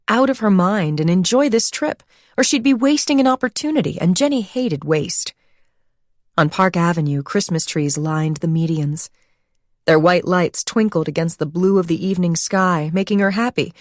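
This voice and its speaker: A woman narrating an audiobook in a steady, measured reading style. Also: low-pitched, dry recording, studio quality. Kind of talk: scripted narration.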